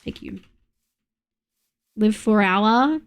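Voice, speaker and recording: A young woman from Australia chatting casually on a gaming livestream, swearing often and reacting loudly to scares. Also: medium pitch, drawn-out words, clear, resonant tone. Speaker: streamer.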